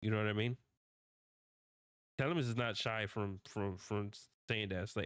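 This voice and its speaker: A man with a fairly low voice talks off the cuff as a streamer, rambling and circling back over the same point. He swears freely and trips over his own restarts. The sound is dry and close. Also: steady tone, moderate pace, a bit bright, clean tone, dry recording. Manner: rambling, repeats himself, frequent swearing and restarts. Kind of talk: casual rambling rant while drawing.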